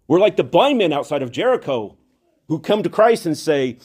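A man's voice: on the high side, moderate pace, breathy edge. A man, a priest, delivering an earnest sermon in church, repeating phrases for emphasis. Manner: earnest, animated preaching with repetition.

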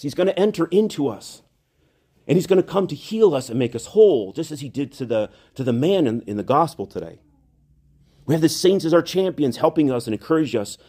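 Husky-voiced priest preaching animatedly. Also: male voice, mid-range voice. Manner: earnest, animated preaching with repetition. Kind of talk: sermon. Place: church.

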